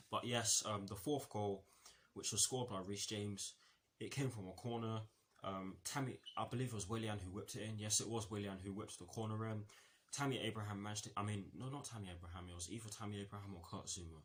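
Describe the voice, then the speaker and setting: A man's voice: on the low side, fairly even intonation, brisk, a bit bright, slight background noise. A man giving a casual football match review, rambling with many fillers, false starts and self-corrections.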